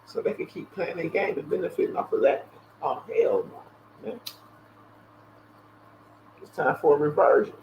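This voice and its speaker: Brief: man hosting a loose livestream, casual and profane, animated storyteller, slightly dull lo-fi audio with faint hiss. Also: fairly high pitch, moderate pace, pauses often. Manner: mimics callers in a raised voice. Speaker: livestream host. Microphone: earpiece headset.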